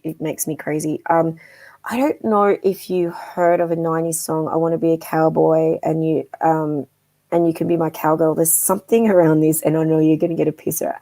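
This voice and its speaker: Woman, middle-aged, low-ish voice, rambling warm live-stream psychic host. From Australia. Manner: chatty and affectionate, calls viewers darling, many ums. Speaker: psychic medium guest host.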